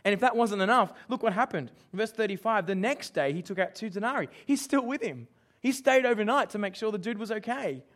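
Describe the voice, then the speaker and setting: A man's voice: sits high, animated, brisk, few pauses, fairly bright tone. A man preaching a sermon, emphatic and asking his listeners questions. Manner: emphatic, asks the congregation questions.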